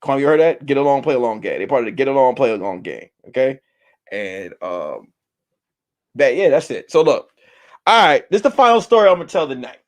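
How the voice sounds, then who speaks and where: A man's voice: medium pitch, very animated, fairly quick. A man telling an improvised playful story at home, rambling with lots of repeats and fillers. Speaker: storyteller, video host.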